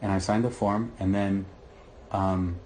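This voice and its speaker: A middle-aged man, telling his story to a therapist in a rambling, halting way with many restarts. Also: deep voice, little pitch movement, darkish tone, a little hiss or hum. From Michigan, USA. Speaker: client in therapy session. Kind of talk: candid personal account.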